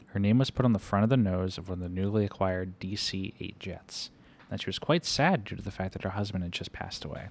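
A man reading a first-person story aloud in an unhurried, conversational storytelling manner. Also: low voice, gravelly. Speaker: reader.

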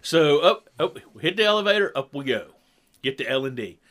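A middle-aged man telling a long story in casual chat, animated and acting out what people said. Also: on the high side, brisk. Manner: animated storyteller who acts out quotes. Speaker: podcast co-host.

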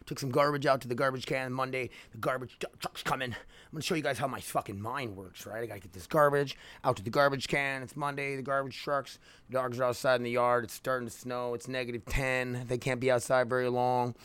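A man's voice: mid-range voice, fairly even intonation, brisk, a bit bright, clear, resonant tone, dry recording. A young man hosting his own podcast from home, rambling candidly with plenty of swearing. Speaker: podcast host. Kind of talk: casual solo podcast monologue. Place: home, near laundry room. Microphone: podcast microphone.

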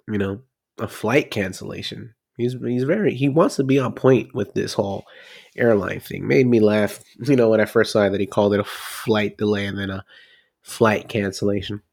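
A man's voice: medium pitch, a little mellow. A man casually recapping a film plot, rambling and swearing freely as he goes.

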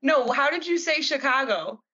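A woman in her twenties co-hosting a casual chat, teasing her friend with quick banter. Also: high-pitched, expressive, pushed and bright. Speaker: co-host. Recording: dull lo-fi sound.

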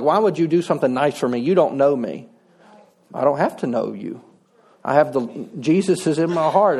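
A man's voice: a little high, darkish tone. A middle-aged man, preaching a sermon in a folksy, conversational way with touches of humor. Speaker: pastor.

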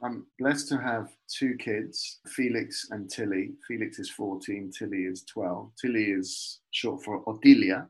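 A middle-aged man from Peru, a guest telling animated, heartfelt stories about family cooking. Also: on the low side, unhurried, hardly any pauses, slightly rough, low-quality recording. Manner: warm, animated storytelling about food. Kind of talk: casual conversation.

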